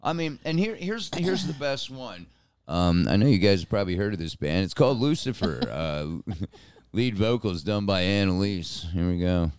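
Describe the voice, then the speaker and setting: A man's voice: sits low, animated, normal speed, a little mellow, clean tone, dry recording. A man co-hosting a podcast, chatting casually with frequent swearing, laughter and stammered restarts. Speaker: podcast co-host. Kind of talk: casual chat reacting to recordings.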